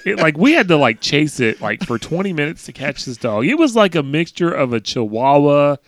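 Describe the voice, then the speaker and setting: A man's voice: fairly high pitch, sing-song, moderate pace, fairly bright tone. A man casually telling a childhood story among friends, joking and loose. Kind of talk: casual podcast chat.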